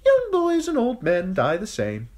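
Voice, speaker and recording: A man voicing a cold, bored knight commander with a high, thin voice and languid, haughty manner. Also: wildly swooping pitch, unhurried, darkish tone, exaggerated voice.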